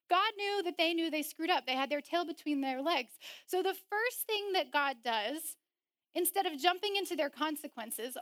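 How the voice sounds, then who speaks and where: High-voiced woman preaching. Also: no room sound, clean studio sound. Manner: animated, laughs often, acts out voices in quotes. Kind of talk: sermon.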